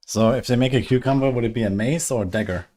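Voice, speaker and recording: A man's voice: mid-range voice, quick pace, a little mellow, slight background noise. A man streaming and chatting casually in a laid-back, hesitant way.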